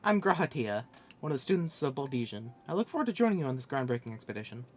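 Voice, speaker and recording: A man's voice: mid-range voice, big pitch swings, racing, a little mellow, faint music behind. A man voicing an eager, confident young male scholar in a game, reading the lines aloud on a stream.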